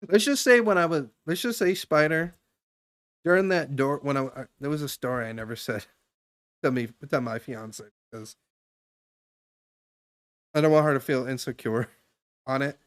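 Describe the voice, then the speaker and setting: Young guy on a stream rambling advice, lots of likes and restarts, average pitch. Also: moderate pace, long pauses, clean tone. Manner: rambling, loose, with many fillers and restarts. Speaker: live streamer. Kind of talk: casual chat giving advice.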